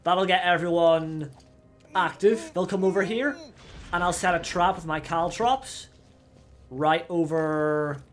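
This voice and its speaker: A young man hosting a gaming channel, giving let's play commentary; excitable, he yells at the game and swears. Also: fairly high pitch, takes it slowly, faint music behind.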